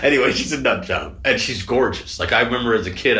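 Excitable guy telling a wild story, super bright voice, echoey room. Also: mid-range voice, quick pace. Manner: excitable, acts out voices, swears freely. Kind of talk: animated storytelling chat. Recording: echoey room with faint noise.

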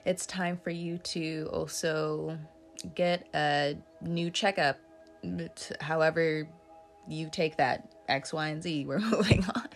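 A woman's voice: deep voice, steady tone, takes it slowly, faint music behind. A woman giving a casual tarot reading, chatty and joking, laughing often and swearing now and then. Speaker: tarot reader.

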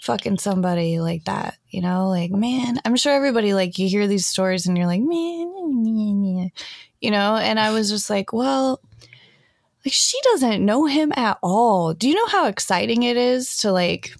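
A woman's voice: medium pitch, lively intonation, normal speed, creaky, no echo. Young woman podcast cohost, chatty, lots of likes, dry close sound. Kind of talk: casual chat.

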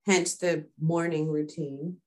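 Chatty woman with a lowish voice. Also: takes it slowly. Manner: chatty, animated storyteller. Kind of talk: casual chat.

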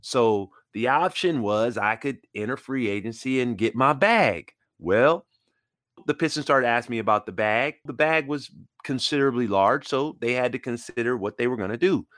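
A man in his forties, a retired basketball player, telling a story in an animated way and acting out the people he quotes. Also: moderate pace, no room sound, clean studio sound. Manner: acts out quoted voices, jumping high and dropping low.

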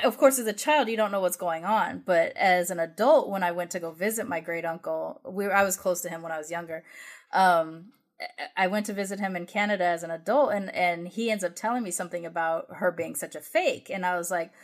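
A woman's voice: lowish voice, fairly quick. A woman from the United States co-hosting a podcast, telling a family story in casual chat with lots of restarts and fillers. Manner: rambling, full of restarts and fillers. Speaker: podcast co-host.

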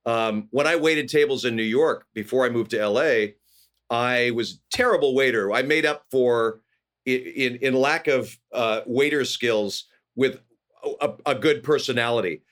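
A middle-aged man from California, a guest actor telling animated stories in casual conversation, often acting out quoted voices. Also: medium pitch, normal speed. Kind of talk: casual storytelling.

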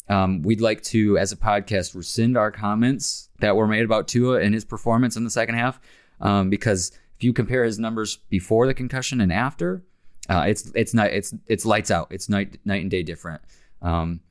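A man co-hosting a casual sports podcast, talking in a relaxed, chatty way with many fillers. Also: fairly low pitch, clear, resonant tone. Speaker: podcast host.

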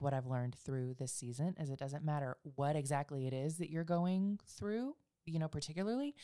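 A woman's voice: low-pitched, creaky, warm tone, clear, resonant tone, no echo, clean studio sound. A woman co-hosting a podcast in casual chat, candid and confessional, laughing easily. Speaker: podcast co-host.

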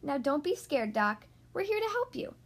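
A woman voicing a loving, cuddly toy lamb who speaks softly and comfortingly in a storybook. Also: high voice, big pitch swings, moderate pace.

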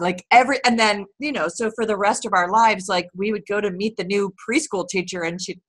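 Candid, animated woman telling stories. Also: mid-range voice, moderate pace. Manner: candid, animated storyteller with frequent restarts. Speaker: author guest. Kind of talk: casual interview chat.

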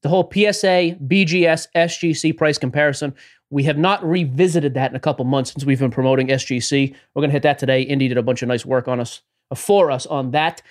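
A man co-hosting a casual sports-card podcast, upbeat and running through the rundown with quick asides. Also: mid-range voice. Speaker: podcast co-host. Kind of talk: casual podcast chat about sports cards.

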